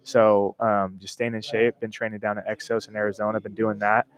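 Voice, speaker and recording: A young man in his twenties, a former college football player, casually telling stories in a radio interview in a relaxed, modest way. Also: on the low side, a little fast, poor audio. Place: stadium club event.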